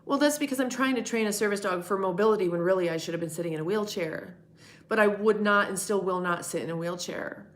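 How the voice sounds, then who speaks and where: A woman's voice: medium pitch, quick pace. A middle-aged woman hosting a live stream, answering chat in a candid, rambling way and swearing freely. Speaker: livestream host answering chat.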